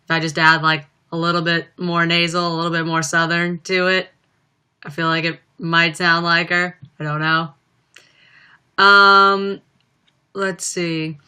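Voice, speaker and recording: A woman's voice: on the low side, flat delivery, a little slow, long pauses, bright, forceful tone, clean tone. A young woman chatting casually on a livestream, reading viewer comments aloud with plenty of ums. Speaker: livestreaming singer.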